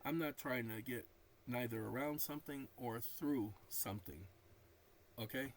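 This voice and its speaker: A man with a medium-pitched voice talks unhurriedly and casually to camera, sounding tired as he reads and calls out each comma and period. He hosts the channel, and the low-quality recording carries slight background noise.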